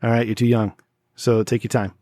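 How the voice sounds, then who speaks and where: A man's voice: medium pitch, level tone, fairly quick, dark tone, no echo. A man in his forties hosting a casual podcast chat, telling stories in a laid-back way and swearing freely. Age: 40s. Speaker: podcast host.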